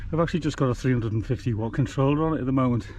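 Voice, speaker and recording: A man's voice: medium pitch, rapid-fire, a little mellow, a little hiss or hum. A man, casually talking through his own bike repair in a vlog, chatty, blunt and self-mocking. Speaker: DIY e-bike vlogger.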